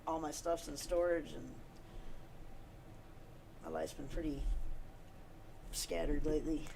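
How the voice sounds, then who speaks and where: A woman musician joins as a guest and speaks in a low-key, halting way. Her voice is strongly gravelly, with a faint hiss under the recording. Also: steady tone. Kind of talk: casual chat.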